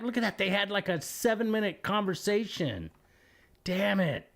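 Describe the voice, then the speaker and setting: A man's voice: high-pitched, animated, normal speed, gravelly, a bit bright. A man hosting a livestream, reading chat logs aloud with jokey asides and frequent laughter. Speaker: livestream host.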